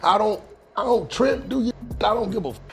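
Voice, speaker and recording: A man with a notably high voice talks straight at a friend, lecturing him in plain casual speech. Faint music sits under his voice. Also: fairly quick. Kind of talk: casual advice talk.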